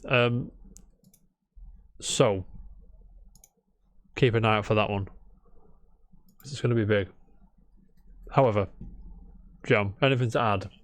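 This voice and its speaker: A man's voice: fairly low pitch, takes it slowly, long pauses, no room sound. A young British man co-hosting a casual gaming podcast, bantering and swearing now and then. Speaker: podcast co-host. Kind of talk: casual chat.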